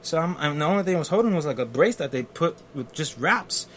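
A man's voice: a little high, quick pace, slight background noise. A man, telling a personal story in casual conversation and acting out the voices of the people in it. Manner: animated, acts out quotes, fillers and restarts.

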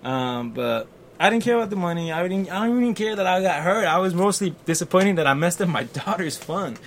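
A man's voice: sits high, a little fast, a little hiss or hum. A man, telling a personal story in casual conversation and acting out the voices of the people in it. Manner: animated, acts out quotes, fillers and restarts.

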